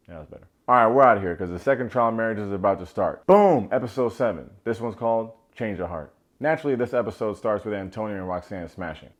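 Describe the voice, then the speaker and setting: A man with a lowish voice giving a casual commentary recap of a reality show. He talks with sarcastic, slangy energy and swings from flat muttered remarks to sudden high-pitched exclamations. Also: fast. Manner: animated and sarcastic, slangy asides.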